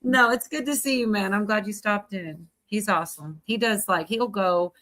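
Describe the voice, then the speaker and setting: Livestream host, woman, mid pitch, rambling casual chatter, laughs a lot. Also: moderate pace, bright, forceful tone. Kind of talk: casual chat.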